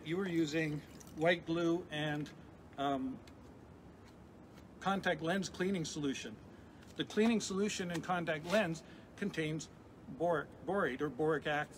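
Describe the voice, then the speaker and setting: A middle-aged man with a fairly high voice runs a lively live science demonstration for kids, chatting as he works and restarting his sentences. He is a chemistry professor. A steady noisy hiss sits under the recording.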